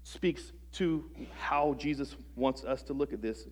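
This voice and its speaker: A male preacher speaking at an ordinary, mid-range pitch, earnest and searching as he works through his point. He often stumbles and restarts a phrase, and he drops softly at the ends of lines. He keeps turning rhetorical questions back to the people in the pews. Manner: halting restarts, soft trailing phrase ends. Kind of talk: sermon. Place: church service before a congregation.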